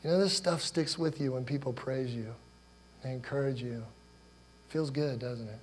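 A man in his forties preaches in an easy, conversational way, telling personal stories and putting questions to his listeners. His voice sits at an ordinary middle pitch, and a faint mains hum runs underneath. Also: normal speed. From Ohio, USA. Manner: conversational, personal storytelling, asks the congregation questions. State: choked up with emotion. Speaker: pastor. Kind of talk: sermon.

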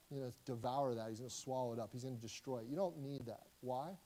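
A man, a pastor, preaching a sermon in a conversational way, with frequent restarts and slow, emphatic lines. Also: mid-range voice, dark tone, poor audio.

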